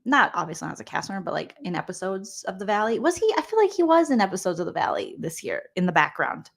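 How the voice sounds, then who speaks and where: A woman's voice: medium pitch, sing-song, quick pace, vocal fry. A woman comedian giving sassy, sarcastic reaction commentary, often laughing as she talks. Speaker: comedian vlogger reacting to reality TV.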